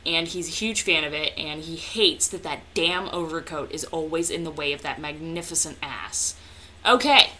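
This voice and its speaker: A woman's voice: low voice, normal speed, bright, forceful tone, slight background noise. A young woman chatting casually as a vlogger, answering viewer questions in a hyper, jokey way with plenty of swearing. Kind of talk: casual chat.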